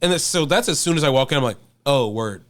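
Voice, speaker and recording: A man's voice: mid-range voice, animated, fast. A young man chatting casually as a restaurant reviewer, laid-back and rambling, swearing freely. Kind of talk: casual chat.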